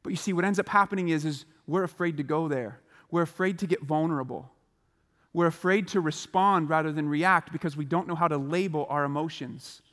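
A man giving a motivational chapel talk to students, animated and acting out the voices of the people in his stories. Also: fairly high pitch, brisk, in a large hall. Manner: animated, acts out quoted voices. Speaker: chapel speaker. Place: large school chapel hall.

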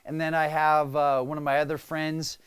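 A business coach talks casually to the camera, coaching his viewers and often ending points with "right?" and "okay?" to check in. His voice is a little high and a bit bright, smooth, with little pitch movement, at a moderate pace.

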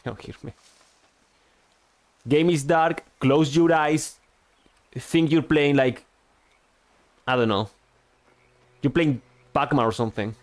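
A man's voice: slow pace, long pauses. A man streaming a game, speaking English as a second language, rambling and joking at himself about his push-to-talk microphone. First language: not English. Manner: rambling, self-mocking, restarts often. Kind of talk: casual gaming chat. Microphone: gaming microphone with push-to-talk. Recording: low-quality stream audio with faint music.

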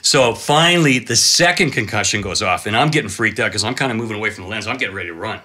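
A man in his fifties, a cameraman guest telling animated, excitable stories full of exclamations. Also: lowish voice, fast talker. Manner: excitable, dramatic storyteller with exclamations and laughs.

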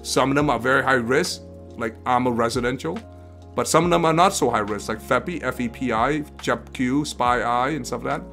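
A man's voice: mid-range voice, fairly quick, fairly bright tone, soft background music. Rambling male livestream host. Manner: rambling, repeats phrases, asks rhetorical questions. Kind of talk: casual livestream talk.

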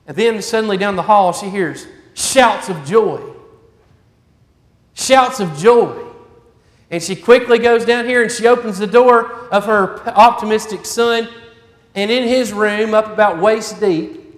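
A man's voice: high-pitched, a little slow. A man preaching a sermon in a folksy storytelling manner. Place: church sanctuary. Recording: echoey church hall.

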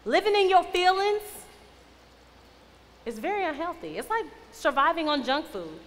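A woman's voice: extremely high pitch, sing-song, moderate pace, a bit bright. A young adult woman giving a casual youth sermon as a youth minister. She talks in a conversational, playful, teasing way. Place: church youth hall. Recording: long reverb, faint noise.

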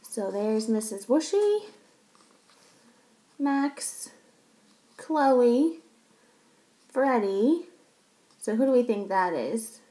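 A woman reads a children's story aloud and chats to young listeners between passages. Her pitch is fairly high and very lively. She reads at a slow, careful pace. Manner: chatty, pausing to explain to young listeners.

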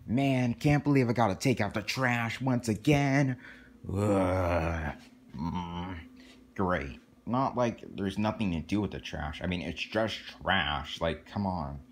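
A man's voice: low-pitched, takes it slowly, a little hiss or hum. Chicky, a man doing a whiny little boy chick. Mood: grumbling. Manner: whiny and grumbling, muttering to himself. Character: whiny young boy chick, easily bored and sulky. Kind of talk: hobby home-movie role-play.

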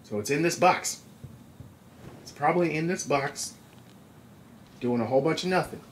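A man's voice: a little high, normal speed, a little hiss or hum, rough recording. A man hosting a video game playthrough, chatting along and reading the on-screen text aloud. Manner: chatty, reads on-screen text aloud, comments on small details. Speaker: gaming channel host. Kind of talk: let's play commentary.

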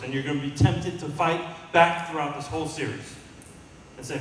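A man's voice: medium pitch, expressive, a little fast, slight background noise. A male pastor preaching a sermon to his congregation, drawing call-and-response from the room. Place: church sanctuary. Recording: echoey hall, mic at a distance.

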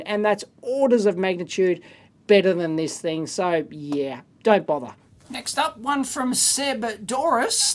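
A middle-aged man hosting an electronics video, unboxing viewer mail in casual commentary that is exclamatory, bluntly scornful and full of rambling asides. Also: very high voice.

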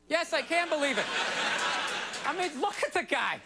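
A man's voice: very high-pitched, expressive, brisk, crowd noise. A man doing a stand-up comedy set on a television studio stage, ranting in an exasperated, rambling way with lots of "you know" asides. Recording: broadcast stand-up with loud audience laughter and noise.

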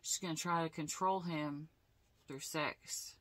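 A woman doing a casual tarot reading, blunt and animated, swearing freely. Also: low voice, measured pace. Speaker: tarot reader.

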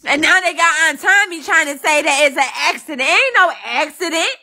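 High, bright-voiced woman venting to viewers. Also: fairly quick. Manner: animated, addresses viewers directly and thanks commenters; blunt, profane venting. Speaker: live stream host. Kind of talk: casual live stream chat.

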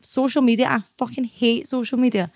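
A woman's voice: a little high, fairly even intonation, fairly quick, a little mellow, dry recording, studio quality. Blunt, sweary Scottish woman. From Scotland. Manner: blunt, swears freely, laughs often. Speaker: guest. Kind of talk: casual interview chat.

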